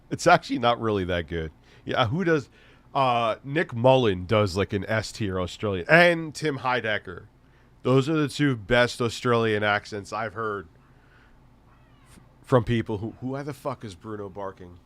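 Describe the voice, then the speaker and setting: A man hosting a live stream, telling a story in casual chat with heavy swearing and an animated, laughing delivery. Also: medium pitch, normal speed, dry recording.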